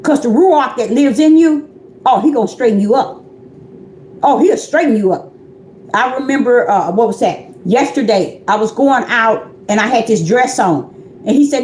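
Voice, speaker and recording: A woman's voice: a little high, expressive, normal speed, a little mellow, roomy sound, slight background noise. A woman calling herself a prophetess, preaching an informal livestream sermon in a chatty, repetitive way that speaks straight to her listeners. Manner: conversational, repetitive, addresses listeners directly. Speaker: self-described prophetess preaching.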